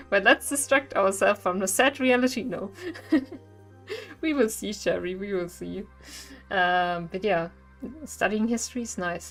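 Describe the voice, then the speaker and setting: A woman streamer chatting casually with her viewers, rambling and laughing often between thoughts. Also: medium pitch. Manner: giggly, rambling, chatty with frequent laughs and fillers.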